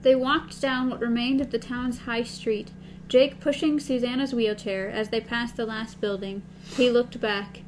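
Higher-voiced woman reading aloud. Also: fairly even intonation, measured pace, a little hiss or hum, low-quality recording. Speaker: reader. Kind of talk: reading a novel aloud with a partner.

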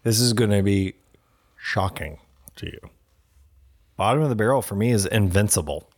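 Profane, ranting man with a lower voice. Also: moderate pace. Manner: blunt, profane, animated rants. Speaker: podcast co-host. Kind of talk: casual chat.

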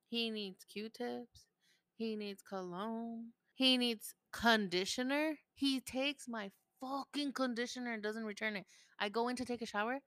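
Animated, cursing mom telling a story. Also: female voice, mid-range voice, no room sound. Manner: animated, swears freely, switches between English and Spanish. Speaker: podcast host. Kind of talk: casual storytelling.

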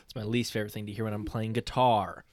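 A man's voice: on the low side, level tone, fast talker, a crowd in the background. A young man hosting a podcast, chatting casually with a friend, goofy and jokey, laughing often. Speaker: podcast host. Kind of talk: casual chat.

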